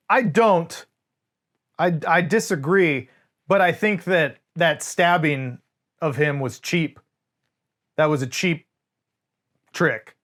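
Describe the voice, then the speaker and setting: A man co-hosting a casual movie review, talking animatedly and swearing freely. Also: a little high. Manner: animated, swears often, quotes scenes in voices. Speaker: podcast co-host.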